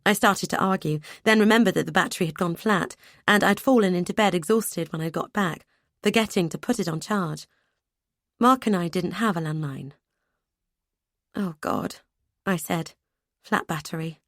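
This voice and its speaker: A woman narrating a first-person audiobook in a measured way, with lively dialogue. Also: fairly low pitch, dry recording, clean studio sound.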